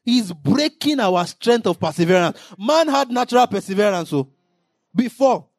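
A man preaching a sermon in an impassioned way, now and then rising into shouted emphasis. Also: sits high, expressive, moderate pace, vocal fry, no room sound, studio quality.

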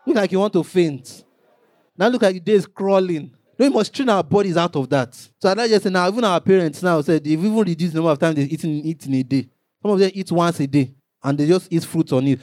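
A man preaching a sermon, emphatic and rising to shouts for emphasis. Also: high voice, animated, fairly quick, no room sound.

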